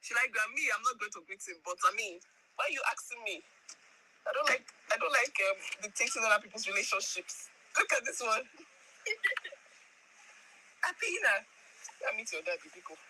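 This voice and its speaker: Excitable woman vlogging from a car backseat. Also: mid-range voice, quick pace, a little hiss or hum, poor audio. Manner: emotional and giggly, excitable. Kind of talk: live phone vlog.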